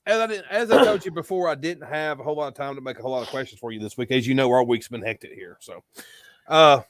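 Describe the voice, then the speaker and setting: A man hosting a casual podcast interview, relaxed and rambling, who laughs and curses freely. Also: medium pitch, quick pace, dry recording, studio quality. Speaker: podcast host.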